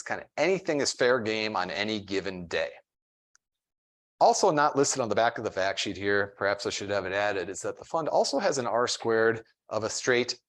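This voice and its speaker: A man's voice: on the low side, fairly bright tone. A man presenting a fund at a seminar, explaining investment terms in a plain, step-by-step way with casual fillers. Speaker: financial advisor presenting a fund.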